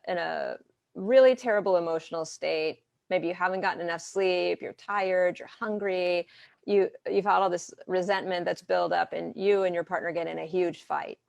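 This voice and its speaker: Gravelly-voiced woman therapist, lowish pitch. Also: no echo. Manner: animated, talks through examples and quoted dialogue. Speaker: therapist and coach. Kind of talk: conversational interview answers.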